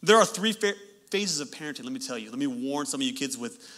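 A man in his thirties, a pastor preaching a sermon in an animated way, with joking asides to his congregation. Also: mid-range voice, quick pace.

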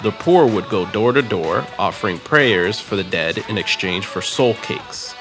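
A man's voice: lowish voice, lively intonation, unhurried. A man co-hosting a casual podcast, reading fun facts aloud and correcting his own small slips. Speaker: podcast co-host. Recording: music playing in the background.

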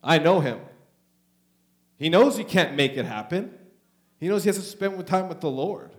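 Impassioned male pastor, slightly high voice. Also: animated, moderate pace. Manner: emotional, swings between loud urging and soft hushed talk. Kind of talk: charismatic Pentecostal sermon. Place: church.

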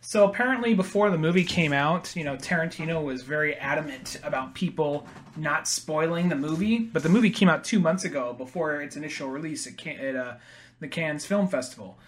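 A man's voice: a little high, fairly quick. A man co-hosting a casual movie talk, rambling and acting out quotes with casual swearing.

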